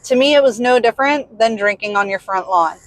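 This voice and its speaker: Casting note: young woman, Southern US accent, bit higher voice, candid storyteller with animated ups and downs. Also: fairly quick, dry recording, rough recording. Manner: candid, exasperated, animated retelling. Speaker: vlogger. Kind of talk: casual storytelling. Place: in a vehicle.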